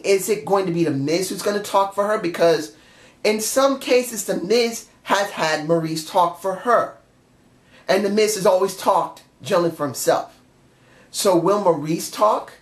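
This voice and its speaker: A man giving an emotional, passionate review in a casual monologue straight to his viewers. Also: sits high. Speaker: wrestling show reviewer. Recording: echoey room.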